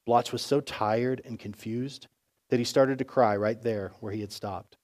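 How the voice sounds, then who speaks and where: A man's voice: mid-range voice, a little slow. Man telling a sermon story. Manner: expressive storytelling narration. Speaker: pastor.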